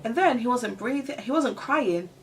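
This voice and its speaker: A woman's voice: a little high, expressive, moderate pace, recorded from a distance, a little hiss or hum. A woman in her thirties, a mother, chatting casually to her viewers in a Q&A tag video, laughing often. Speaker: vlogger.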